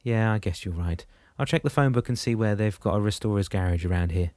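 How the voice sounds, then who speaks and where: A man reading as an excitable young man, eager and raised in voice. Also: on the low side, fast, no echo, studio quality, close to an everyday voice. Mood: relaxed.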